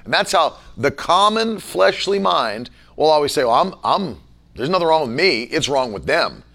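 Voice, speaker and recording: A man leading a casual Bible-study chat as pastor, talking forcefully and emphatically. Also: a little high, sing-song, moderate pace, gravelly.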